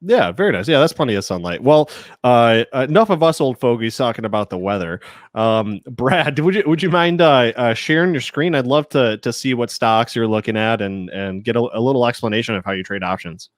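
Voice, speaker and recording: A man's voice: medium pitch, animated, a little fast, no room sound, studio quality. A man hosting a casual interview over a video call, easygoing with short affirmations. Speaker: show host.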